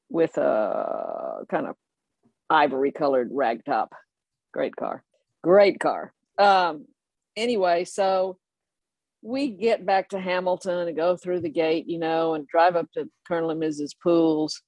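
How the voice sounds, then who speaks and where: An older person telling a family story in a lively way, often laughing and acting out the others. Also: medium pitch, no room sound. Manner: animated, laughing anecdote telling. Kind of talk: oral history storytelling.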